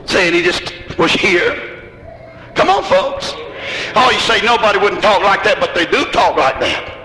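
A man preaching a sermon in folksy country grammar, asking the crowd questions and rising to shouts. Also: high voice, very animated, a little slow, long pauses. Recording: echoey hall with noise.

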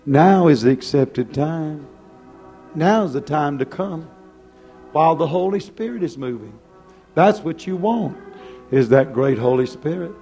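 A male preacher with a somewhat high voice drawing out every phrase at an unhurried pace. He pleads and exhorts with rising passion, and soft music plays faintly behind him. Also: lively intonation. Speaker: pastor. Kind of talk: sermon.

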